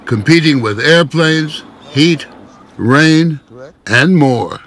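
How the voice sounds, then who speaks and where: A man narrating a TV news feature and interviewing in a measured, wry way. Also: a little high, lively intonation, fairly bright tone. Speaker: TV news correspondent. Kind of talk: scripted broadcast narration and interview.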